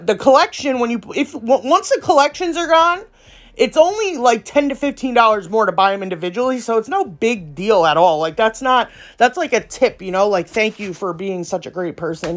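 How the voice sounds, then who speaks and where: A woman nail artist and brand ambassador chatting casually to her viewers, rambling, slangy and outspoken. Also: mid-range voice. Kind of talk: casual vlog chat to viewers.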